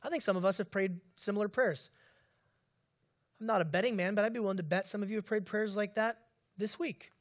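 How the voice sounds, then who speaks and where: A man's voice: high voice, a little fast. A male pastor preaching a sermon who asks the congregation questions and acts out the cries of the people in the story.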